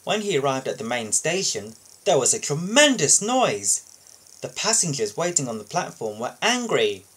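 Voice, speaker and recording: Man, storybook reader, husky, lively pitch, casual slips. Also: moderate pace. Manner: steady storytelling with small slips and restarts. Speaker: storybook reader and video host. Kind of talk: reading a children's storybook aloud.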